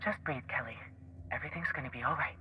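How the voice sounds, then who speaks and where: An actress voicing a frightened young woman shut behind a locked door in a video game, anxious and talking herself calm. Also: a bass voice, fast talker, noisy background.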